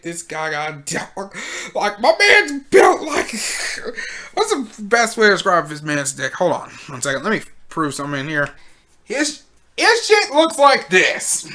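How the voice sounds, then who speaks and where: A host giving casual video commentary in a slangy, animated way, laughing often. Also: mid-range voice.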